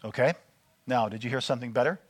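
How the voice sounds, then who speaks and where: A man's voice: mid-range voice, fast talker. A man preaching to a small church group, coaching them through listening exercises with frequent check-ins. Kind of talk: teaching sermon with group exercises.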